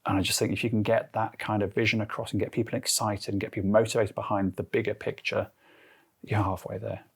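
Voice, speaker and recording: A man's voice: lowish voice, level tone, quick pace, vocal fry, slightly rough. A man from Guernsey giving chatty interview answers, acting out quotes as he tells stories. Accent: Guernsey English. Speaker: interviewee, head of transformation and change.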